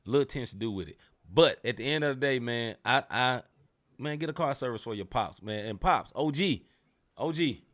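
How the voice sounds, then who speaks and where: Man, podcast co-host, animated and emphatic, mid-pitched voice. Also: normal speed. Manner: animated, emphatic, slangy, repeats phrases. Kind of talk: casual sports talk.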